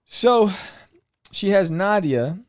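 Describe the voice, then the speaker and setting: A man hosting a podcast, rambling excitedly through a comic book review with lots of fillers. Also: high voice, slow pace, no echo, clean studio sound.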